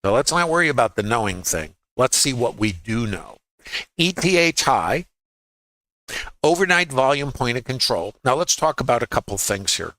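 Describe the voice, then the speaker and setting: Brooklyn-accented male trading teacher, bright and forceful, folksy, quippy, rhetorical. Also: medium pitch, big pitch swings, moderate pace, no room sound. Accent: New York, Brooklyn. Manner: folksy, quips and rhetorical questions. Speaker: trading educator. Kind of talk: livestream market lesson. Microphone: laptop.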